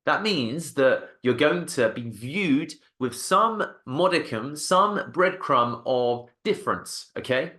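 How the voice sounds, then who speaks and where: A man's voice: mid-range voice, animated, takes it slowly, few pauses, pushed and bright. Agency founder, male, mid-range voice; punchy, repetitive motivational delivery. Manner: emphatic, repeats for stress, frequent "okay?". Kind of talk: motivational talk to camera.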